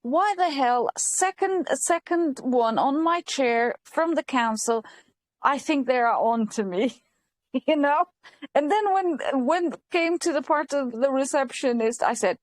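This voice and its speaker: A woman hosting a casual chat, telling an animated story with lots of quoting, laughing and restarts. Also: high voice, slow pace, no echo. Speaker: host.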